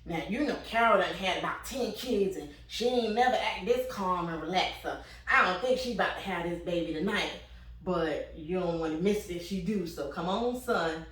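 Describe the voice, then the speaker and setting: A woman's voice: lowish voice, moderate pace. Laughing woman telling a comic story, echoey. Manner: animated, laughing, acts out quoted voices. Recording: echoey room, mic at a distance.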